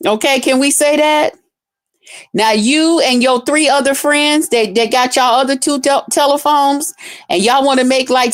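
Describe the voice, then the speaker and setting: A woman's voice: sits high, measured pace. A woman hosting a livestream, ranting bluntly and profanely at her chat in a casual, fired-up way. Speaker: livestream host.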